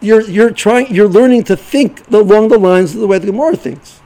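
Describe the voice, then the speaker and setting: Middle-aged rebbe guy, high-ish gravelly voice, keeps restarting sentences. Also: warm tone, poor audio. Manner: halting, repeats words, restarts sentences. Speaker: yeshiva rebbe giving a shiur. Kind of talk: informal Torah talk.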